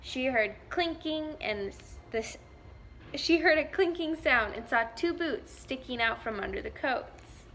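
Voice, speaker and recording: A woman volunteer reading a picture book aloud to young children, slow, gentle and clear. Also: high voice, lively intonation, slight background noise. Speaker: volunteer story reader. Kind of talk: children's story read-aloud.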